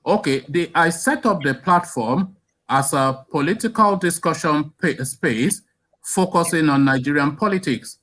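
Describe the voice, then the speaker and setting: A man hosting a political talk show, trying to calm a caller down, stumbling and restarting his sentences. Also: fairly high pitch. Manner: halting, placating, with many restarts. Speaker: host.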